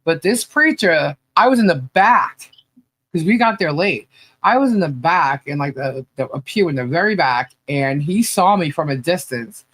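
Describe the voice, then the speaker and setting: A man's voice: on the high side, animated, moderate pace, fairly bright tone. A man co-hosting a podcast, telling a personal story in a rambling way with lots of fillers. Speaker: podcast co-host. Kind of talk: casual chat.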